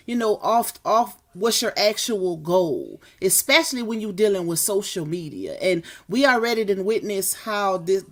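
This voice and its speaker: A woman's voice: mid-range voice, normal speed, hardly any pauses. A woman hosting a livestream, signing off in a casual, chatty way, often repeating words as she thanks guests and viewers. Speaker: livestream host.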